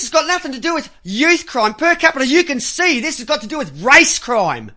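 A man holds the mic on a talk radio show and rants without letup. His voice is bright and forceful. He curses, mocks and breaks into shouts. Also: very high-pitched, sing-song, fairly quick, few pauses. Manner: ranting, profane, mocking, shouting in bursts. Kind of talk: angry radio rant.

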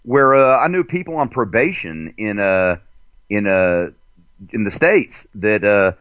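A man's voice: lowish voice, a little slow, smooth, no echo. Guy hosting a raunchy radio show, voice jumps all over, swears a lot, muffled dry lo-fi sound. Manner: animated, profane, rambling with fillers. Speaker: show host. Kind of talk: crude casual radio chat.

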